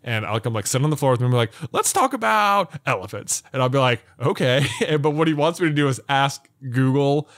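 A young father co-hosting a podcast, telling relaxed stories and acting out small exchanges playfully. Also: medium pitch, fast, hardly any pauses, no echo, clean studio sound. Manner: relaxed storytelling with playful acted-out bits. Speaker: podcast co-host. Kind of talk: casual chat.

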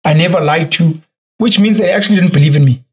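Talking fast in a voice on the high side, a young South African man guests on a podcast. The entrepreneur is an animated storyteller, casually recounting events and voicing the people he quotes.

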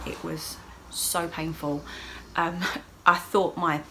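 In a casual video diary, a middle-aged woman vlogger recounts her week in a low, warm voice, slow and flat in delivery. She's open and emotional, often laughing between lines, over a faint hiss in the recording.

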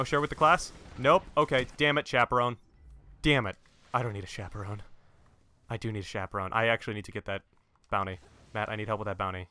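An excitable young man narrating his own gameplay, his voice bright and bouncing all over the place. He jokes, talks to his teammates and swears at his deaths, speaking close into a headset mic. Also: medium pitch, smooth, no echo. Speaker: gaming channel host. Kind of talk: let's-play gameplay commentary.

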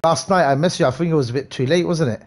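A young man live-streaming a game, chatting casually and hyping up viewers by name in quick, slangy bursts. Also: fairly high pitch.

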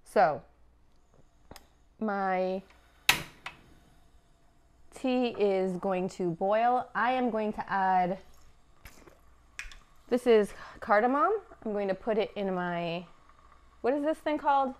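A woman from Afghanistan talks through a recipe on a live cooking stream from her home kitchen. Her voice sits at a middle pitch, and her delivery is chatty and wry, with teasing asides. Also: slow pace, pauses often. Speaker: cooking show host.

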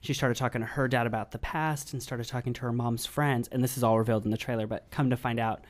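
Man, podcast co-host, casual chat, gushing, animated. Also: mid-range voice. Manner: animated, gushing, quick asides.

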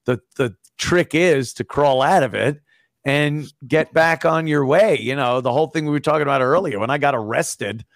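A man's voice: fairly high pitch, moderate pace, dry recording, studio quality. A middle-aged man, a former radio host, chatting as a guest on a podcast, wry and profane, often laughing. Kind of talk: casual podcast chat.

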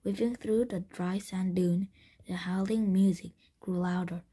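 Woman reading a kids book slowly, whispery and breathy, mellow dark tone, lots of restarts. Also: fairly low pitch, fairly even intonation. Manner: slow reading with frequent slips and restarts. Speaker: story reader. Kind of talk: children's book read-aloud.

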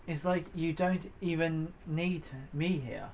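A man commentating his own playthrough with a slightly high voice. He reacts out loud to every setback and jokes with the characters on screen. A faint hiss of noise sits under his voice. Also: slow, vocal fry, muffled recording. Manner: reactive, jokey, talks to the game. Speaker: gamer. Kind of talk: let's play commentary.

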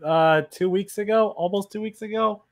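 A man chatting excitedly with friends in a group voice chat, laughing easily. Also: sits high, moderate pace.

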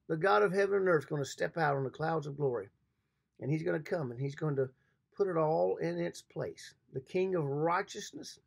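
A man with a gravelly, husky voice pitched a little high, preaching a short devotional. He talks earnestly, repeats himself and slows right down when he reads the verses aloud. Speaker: pastor. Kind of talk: sermon devotional.

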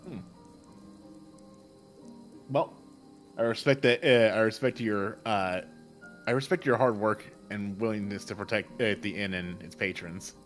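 Low-voiced male player, hesitant, halting speech, faint music behind. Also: fairly bright tone. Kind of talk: playing a tabletop game. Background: faint background music.

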